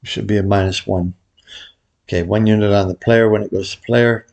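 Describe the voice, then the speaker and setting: A man hosting a gambling video, calling out his bets in a relaxed, muttered running commentary to viewers. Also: on the low side, brisk, vocal fry. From Vegas pro. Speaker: baccarat video host. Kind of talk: casual play-by-play of bets.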